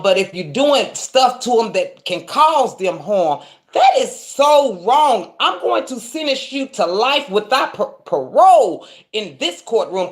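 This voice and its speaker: A woman from Texas, talking to camera as a self-styled judge and repeating "do you hear me?". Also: medium pitch. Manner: animated, repeats "do you hear me?", mock courtroom sentencing. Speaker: vlogger playing a judge. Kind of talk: casual monologue to camera.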